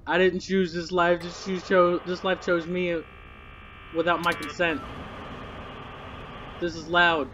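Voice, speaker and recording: Young male gamer, nervous, swears a lot, slightly high voice, unhurried delivery for a scared streamer. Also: level tone, fairly bright tone, dull audio, a little hiss or hum. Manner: jittery, swearing, muttering nervously to himself. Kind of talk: horror game commentary.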